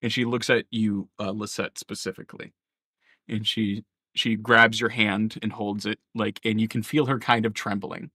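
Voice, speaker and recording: Bright-voiced man running a tabletop game. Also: lowish voice, level tone, moderate pace, breathy edge, no echo, studio quality. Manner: casual and profane, many fillers and laughs. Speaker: dungeon master. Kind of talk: live tabletop game narration.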